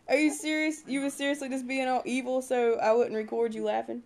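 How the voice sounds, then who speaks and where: A woman's voice: high-pitched, steady tone, brisk, darkish tone. A woman who is sick and under the weather, filming at home with a handheld camera and teasing and coaxing her baby in playful baby talk. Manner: coaxing, teasing, sing-song.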